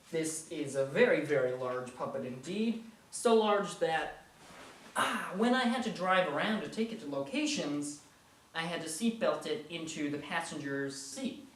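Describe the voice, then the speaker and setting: A man's voice: fairly high pitch, fairly bright tone, reverberant. A young man giving a casual, enthusiastic tour of his puppets and posters, playful and rambling. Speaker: puppet animator showing his work. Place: room at home with posters and puppets.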